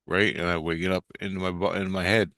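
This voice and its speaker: A man's voice: sits low, level tone, quick pace, fairly bright tone, no echo. A man telling a personal story in a casual, rambling way, cursing and restarting his sentences. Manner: rambling, profane, frequent restarts.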